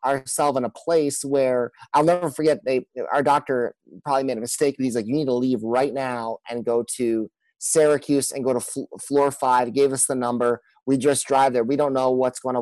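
Earnest pastor, dry close sound. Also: male voice, medium pitch, steady tone, a little mellow, no echo, poor audio. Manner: earnest, halting, many restarts. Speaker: pastor, guest. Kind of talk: personal storytelling in a podcast interview.

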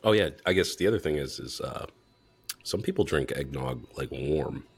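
A man with a strikingly deep voice co-hosting a casual podcast. He talks in a relaxed, agreeable way. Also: moderate pace, vocal fry, breathy edge. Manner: laid-back, agreeable. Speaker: podcast co-host.

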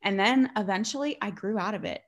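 A young adult woman hosting a podcast in casual chat, telling stories in an animated way with lots of fillers. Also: mid-range voice, brisk. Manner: chatty, animated storytelling with many fillers. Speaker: podcast host.

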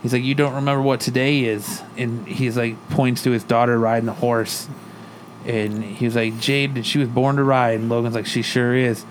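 A man's voice: mid-range voice, little pitch movement, normal speed, a little hiss or hum. A man co-hosting a podcast, casually retelling a comic book story and speaking the characters' lines in his own voice. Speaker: podcast co-host.

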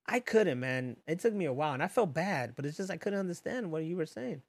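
A man's voice: fairly high pitch, fast, no echo. Guy chatting loose on a podcast, laughs a lot, swears, dead dry mic. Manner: laughs often, profane, animated storytelling. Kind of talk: casual chat.

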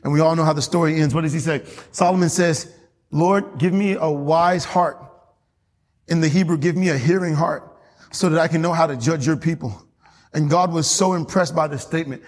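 A pastor with a fairly high voice, speaking at normal speed, delivers a fervent, emphatic sermon to his church and reads scripture aloud. The church hall gives it a long reverb.

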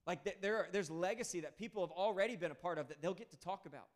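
A male pastor preaching a sermon in a conversational, animated way, acting out quoted voices. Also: high voice, fast.

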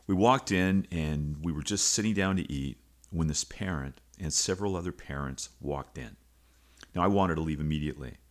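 A middle-aged man, a teacher and coach, hosting a podcast and telling a personal story in an earnest, confessional way. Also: rumbling low.

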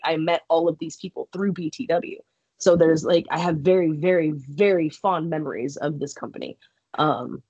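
A young woman talks casually on a podcast, swearing freely and breaking into laughs as she tells her story. Her voice is husky and slightly breathy. It is recorded close and dry, with no room sound. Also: low-pitched, dry recording. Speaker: podcast guest, wrestler.

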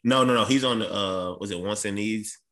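A man's voice: lowish voice, fairly quick, fairly bright tone. Laid-back joking man podcast co-host. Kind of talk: casual chat. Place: recording studio.

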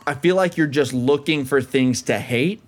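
A man's voice: mid-range voice, normal speed. A man co-hosting a podcast, chatting casually and enthusiastically about films, often calling his friend dude. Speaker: podcast co-host.

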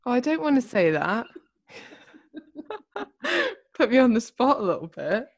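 A woman's voice: a little high, sing-song, a little slow, vocal fry. Chatty young woman podcast co-host. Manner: chatty, laughs easily. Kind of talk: casual chat. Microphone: video call.

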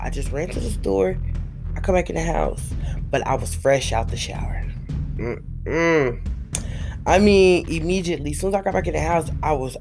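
Tired, hoarse woman telling a casual story. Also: sits low. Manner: casual, profane, rambling with many fillers. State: tired and hoarse after a week of illness. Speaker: vlogger.

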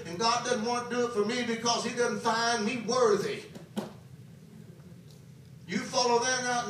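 A man's voice: sits high, a bit bright. A man preaching a sermon at a camp meeting, speaking emphatically and often asking the congregation whether they are following. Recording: very echoey, from a distance, faint noise.

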